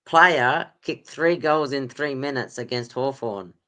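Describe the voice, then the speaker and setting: A man's voice: medium pitch, takes it slowly, pushed and bright. Rambling man hosting a quiz. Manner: rambling, lots of ums and laughs. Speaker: podcast host running a quiz. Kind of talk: casual chat.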